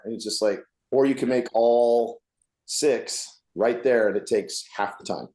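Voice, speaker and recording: A man's voice: medium pitch, steady tone, moderate pace, darkish tone. A man co-hosting a casual podcast, a working bartender telling blunt stories and acting out customers. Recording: echoey room.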